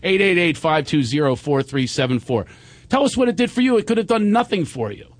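A man hosting a call-in talk show, coaching a guest and often bursting into loud laughter. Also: on the high side, big pitch swings, brisk, no echo. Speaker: host.

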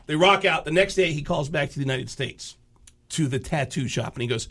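A man, a comedian guest on a radio show, telling a story with fast, excited delivery and shouting character voices. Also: on the high side, husky. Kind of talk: animated comic storytelling on radio.

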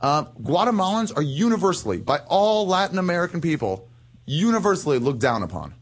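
A man's voice: fairly high pitch, very animated. A man hosting a podcast, rambling through crude banter with his co-hosts and taking calls. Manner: fast rambling, lots of restarts. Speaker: podcast host.

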